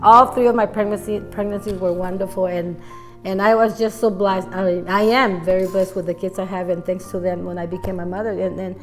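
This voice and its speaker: A middle-aged woman speaks with a mid-pitched voice in casual chat about motherhood. She talks softly and haltingly, circling back on her words, and faint music plays behind her. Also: fairly even intonation. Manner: soft, halting, repeats words while searching. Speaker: guest, wife and mother of three.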